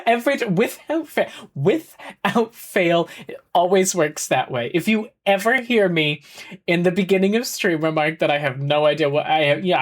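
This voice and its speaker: A woman streaming a game, chatting in a rambling, giggly way full of fillers and exclaiming at the screen. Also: fairly low pitch. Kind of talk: casual live-stream chat while playing a game. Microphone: headset. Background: faint game music.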